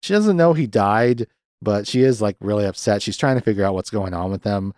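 A young man hosting a podcast, recapping a film in a rambling, profane, sardonic way and jumping into quick raised voices to mimic the characters. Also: lowish voice, a little mellow, no echo, studio quality. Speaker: podcast host.

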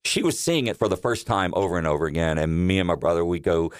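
A man's voice: low voice, lively intonation, fast talker, clean tone, no room sound, studio quality. A middle-aged man, a radio personality, telling family anecdotes as an interview guest, laughing often and acting out quotes. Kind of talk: casual storytelling.

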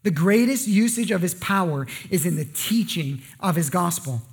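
Male pastor with a high voice, casual sermon full of rhetorical questions. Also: expressive, moderate pace. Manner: conversational, joking asides, rhetorical questions.

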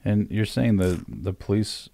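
A man's voice: on the low side, expressive, a little slow, creaky, mellow, no room sound. A man interviewing someone, asking hesitant, probing questions with fillers.

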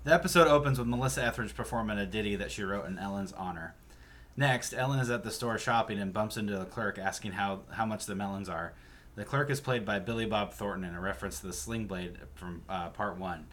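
A male podcast host recapping a TV episode in a steady narrating manner and chatting casually. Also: on the low side.

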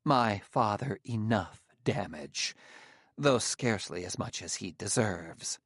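A man's voice: lowish voice, expressive, slow pace, a bit bright, husky, no room sound, studio quality, full character voice. A man voicing a proud, cold woman scientist with a sneering, imperious manner in an audiobook reading.

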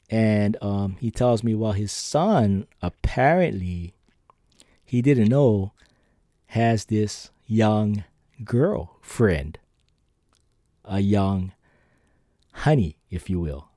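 Lowish guy podcasting, mellow tone, kinda rambly, dry close sound. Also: lively intonation, drawn-out words, long pauses, no echo. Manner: rambling storytelling with many fillers and restarts. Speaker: podcast host. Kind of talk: casual personal monologue. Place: lives on an island.

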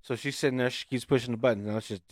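A man telling a profane, animated story in casual chat on a podcast. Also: medium pitch, very fast, no room sound, studio quality.

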